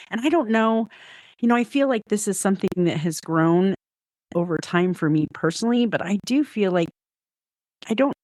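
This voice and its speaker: A woman's voice: mid-range voice, expressive, normal speed, pauses often, a little mellow, no room sound. A middle-aged woman who is a podcast guest, telling stories and reflecting in casual conversation, often hedging her points. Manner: reflective, storytelling, frequent hedging.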